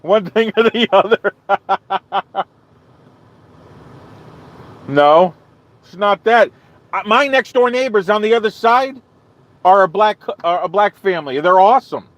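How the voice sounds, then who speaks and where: A man holding forth on his live stream, spinning a long, rambling tale and playing every line of dialogue himself. His voice sits a little on the high side, and he keeps the telling loose and chatty. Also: slow pace, pauses often, dull audio. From not from the American South. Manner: rambling, animated storyteller acting out his own quotes. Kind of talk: casual storytelling to live chat.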